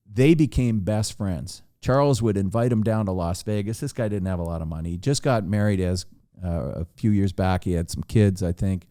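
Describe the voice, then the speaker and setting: Low, dark-voiced man telling stories. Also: no echo, studio quality. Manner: animated storyteller acting out dialogue. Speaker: podcast guest storyteller. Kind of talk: casual anecdote telling.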